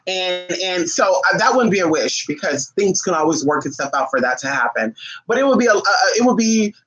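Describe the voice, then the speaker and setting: A man giving spiritual advice on a casual livestream, blunt, profane and animated as he acts out his viewers' questions. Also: high-pitched, brisk, dull audio.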